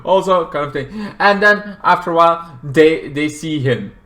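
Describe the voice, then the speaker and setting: A young man rambling through a casual movie recap, leaning on filler phrases and jumping into loud, high-pitched acted quotes. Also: normal speed. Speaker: movie reviewer.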